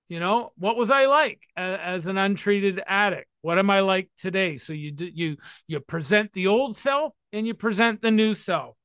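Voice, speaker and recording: A man in his sixties with a high, bright, forceful voice, recorded dry and close. He speaks about recovery in a playful, emphatic, animated way. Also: smooth, no room sound. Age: 60s. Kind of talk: talk to listeners on recovery.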